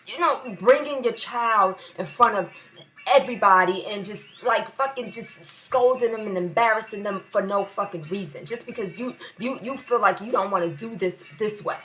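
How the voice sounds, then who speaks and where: A woman's voice: mid-range voice, normal speed, fairly bright tone, faint music behind. A young woman with a New York area accent, ranting heatedly in a video blog, cursing and repeating phrases for emphasis. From US tri-state area. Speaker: vlogger.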